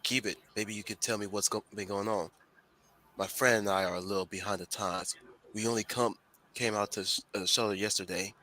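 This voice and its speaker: A gruff male bartender in a ruined city, with a put-on Jamaican accent, as a man reads him aloud from a comic. He mutters low and gruff. His voice has a bright, forceful edge. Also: fairly even intonation, fairly quick. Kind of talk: reading comic dialogue aloud.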